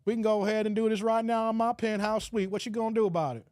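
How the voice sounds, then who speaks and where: A man's voice: high-pitched, fairly even intonation, fast, darkish tone, no room sound, clean studio sound, natural voice. A man putting on a bold, teasing young woman rapper with a Memphis accent. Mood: brash.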